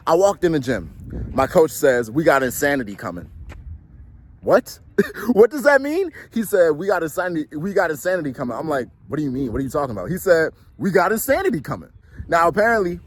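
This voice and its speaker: A young man with a somewhat high-pitched voice talks straight to the listener about effort. He is blunt and swears freely. He keeps firing rhetorical questions and slangy asides. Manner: slangy, frequent "you know what I'm saying". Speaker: motivational talk host. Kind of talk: casual motivational monologue.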